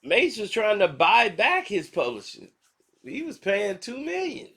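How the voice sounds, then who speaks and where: Gravelly-voiced man riffing casually. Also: high voice, measured pace. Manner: animated, slangy, acts out quotes in other voices. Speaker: commentary channel host. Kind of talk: casual commentary vlog.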